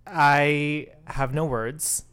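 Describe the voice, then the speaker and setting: A man's voice: a little high, fairly even intonation, drawn-out words, fairly bright tone, clean tone. A man co-hosting a tennis podcast, chatting casually in a camp, playful way. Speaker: podcast co-host. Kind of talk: casual chat.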